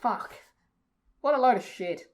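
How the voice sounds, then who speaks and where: A woman's voice: animated, unhurried, a little mellow. Exasperated sweary British woman ranting. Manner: sweary, exasperated, swinging pitch. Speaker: podcast co-host. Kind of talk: ranting casual chat.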